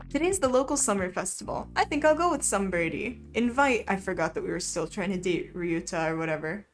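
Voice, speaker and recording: A woman's voice: mid-range voice, lively intonation, a little fast, few pauses. A young woman streaming a game, reading a visual novel aloud with casual, wry asides and laughter. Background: faint background music.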